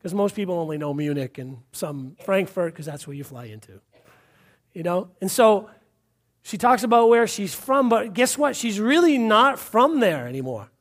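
A man's voice: high-pitched, very animated, normal speed. A man from Massachusetts preaching a fervent sermon, repeating points and calling out hallelujahs. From Massachusetts, USA. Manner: fervent, repetitive, punctuated with hallelujahs.

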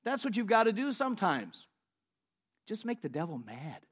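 A man with a high voice delivers a sermon, animated and full of stories, often breaking into laughter. He swings between loud bursts and hushed asides. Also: moderate pace, husky. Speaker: pastor.

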